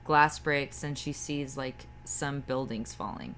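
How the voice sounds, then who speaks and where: A woman chatting casually about a movie, filling in scenes in a halting way and adding short agreements. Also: a bass voice, a bit bright, a little hiss or hum. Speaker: co-commentator. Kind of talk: casual movie recap chat.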